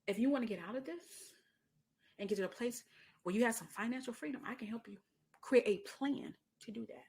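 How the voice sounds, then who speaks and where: A middle-aged woman hosting a podcast, telling a story in a chatty way, calling her listener honey and dropping into soft asides. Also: a little high, a little fast. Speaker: podcast host. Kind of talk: casual podcast monologue.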